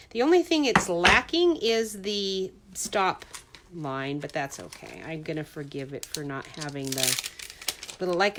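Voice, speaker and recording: A middle-aged woman chats and rambles to herself while making a greeting card, in a casual crafting demo. Her voice sits low, and the noisy background includes paper crinkling and stamp clicks.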